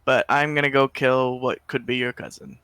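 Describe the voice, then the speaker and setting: A man's voice: medium pitch, normal speed, pushed and bright, clear, resonant tone, no room sound. A man playing a tabletop game, blunt and joking. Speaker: player. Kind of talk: casual tabletop play.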